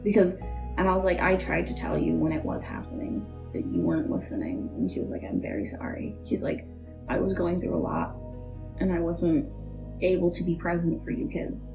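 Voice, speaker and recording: Low, gravelly young woman, halting. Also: expressive. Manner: halting, full of "like" and "um". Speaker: interview guest. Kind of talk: emotional personal testimony. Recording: dull, muffled recording with faint music.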